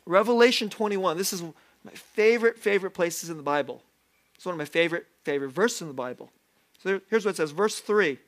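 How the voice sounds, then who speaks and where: A man preaching a sermon as pastor, lively and self-deprecating, often laughing as he talks. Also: sits high, fairly quick. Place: church sanctuary.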